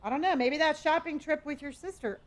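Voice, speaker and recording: A woman's voice: sits high, a little fast. A woman from Southern California streaming a game, chatting casually with her viewers and talking to herself as she plays. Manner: chatty, reads viewer locations aloud with sudden excited gasps; talks to herself while playing a store game. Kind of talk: casual live-stream chat.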